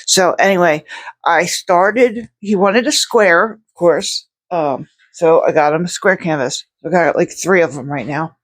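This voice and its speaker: Casual artist vlogger at home, rambly and self-interrupting, plain mid-pitched voice. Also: a little slow, fairly bright tone. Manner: rambling, self-interrupting, lots of restarts and fillers. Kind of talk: casual vlog talk. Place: indoor home studio. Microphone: separate microphone.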